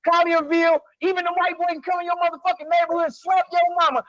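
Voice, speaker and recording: Man, high-pitched, emphatic and profane, dry close sound, heated casual talk. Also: flat delivery, fast, a bit bright, dry recording, rough recording. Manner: emphatic, profane, laughing often. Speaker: podcast co-host.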